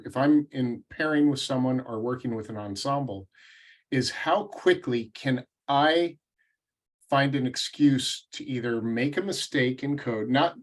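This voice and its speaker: A man speaking at a meetup, telling self-deprecating stories in a casual group discussion. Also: mid-range voice. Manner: conversational, self-deprecating storyteller.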